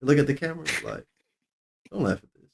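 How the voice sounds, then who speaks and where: Young male co-host, slightly high voice, rambling, teasing. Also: animated, brisk, creaky, slight background noise. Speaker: podcast co-host. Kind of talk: casual chat.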